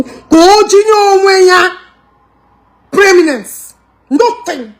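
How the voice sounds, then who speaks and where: A woman with a Nigerian Igbo accent and a high-pitched, darkish voice delivers a heated, mocking rant as a social media commentator. She switches between English and Igbo and laughs scornfully.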